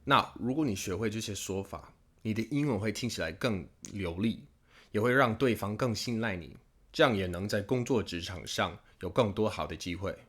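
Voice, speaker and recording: An American man with a fairly low voice gives a casual English lesson. He explains patiently and slips into quick acted-out everyday exchanges to show how natives talk. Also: a bit bright, husky. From United States. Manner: explains patiently, acts out short everyday dialogues. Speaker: English teacher.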